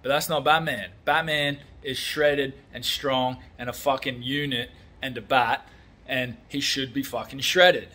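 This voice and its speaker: A man's voice: mid-range voice, steady tone, a little slow, bright, forceful tone. A man vlogging in a casual, blunt, sweary way, ranting about a film and talking about his building work. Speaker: vlogger, construction worker. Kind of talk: casual chat.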